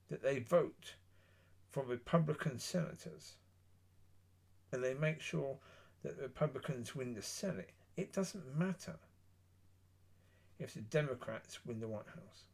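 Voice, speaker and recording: A man giving a blunt, opinionated solo monologue, rambling with pauses. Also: medium pitch, animated, vocal fry, breathy edge. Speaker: political commentator.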